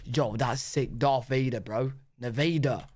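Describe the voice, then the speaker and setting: A man's voice: fairly high pitch, sing-song, measured pace, a bit bright. A British man reacting casually, stumbling over words and using slang. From Britain. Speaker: reaction streamer.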